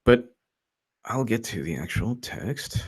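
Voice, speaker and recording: A man's voice: lowish voice, animated, slow pace, husky. Rambling sarcastic male commentator. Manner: rambling, sarcastic, mocks quotes in put-on voices. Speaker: political commentator. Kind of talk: livestreamed commentary.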